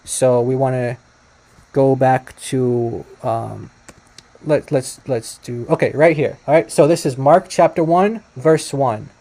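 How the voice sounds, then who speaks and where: A man's voice: mid-range voice, slow pace, dark tone. A man casually walking viewers through a screen-share explainer, tentative and self-correcting, often stopping to apologize in case he has something wrong. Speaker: presenter.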